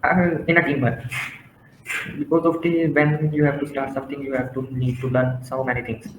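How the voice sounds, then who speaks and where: A man as an interview guest, speaking hesitantly in halting phrases. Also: medium pitch, little pitch movement. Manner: hesitant, halting, many fillers. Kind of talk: casual interview. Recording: echoey room with faint noise.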